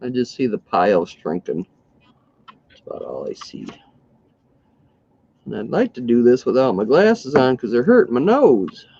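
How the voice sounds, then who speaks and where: A man's voice: mid-range voice, sing-song, moderate pace, pauses often, a little mellow, husky. An easygoing man chatting casually while he works on a craft. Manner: easygoing, laughs often. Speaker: livestream co-host. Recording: lo-fi livestream audio.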